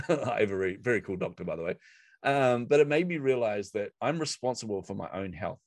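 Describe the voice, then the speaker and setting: A middle-aged man, a podcast guest telling a lively personal anecdote. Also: lowish voice, quick pace, no room sound. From New Zealand. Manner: animated anecdotal delivery with acted quotes. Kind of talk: storytelling in a podcast interview.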